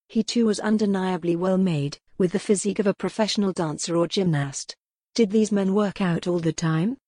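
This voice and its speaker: A woman narrating a novel in a steady, measured voice that sits on the low side. The recording is close and dry, with no room sound. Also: breathy edge, dry recording. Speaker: audiobook narrator. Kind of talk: scripted narration.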